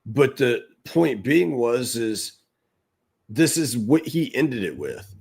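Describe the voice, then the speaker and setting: A middle-aged man co-hosting a podcast, telling an animated story and acting out the quotes. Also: mid-range voice, slow pace, gravelly, breathy edge. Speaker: podcast co-host. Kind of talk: storytelling in casual podcast talk.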